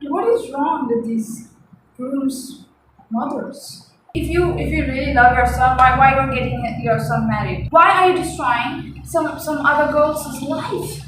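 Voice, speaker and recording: A woman's voice: high voice, unhurried, background noise. A young woman vlogger recounting a story in casual chat, talking in a chatty, exasperated way with lots of fillers and repeats. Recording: echoey room heard from a distance.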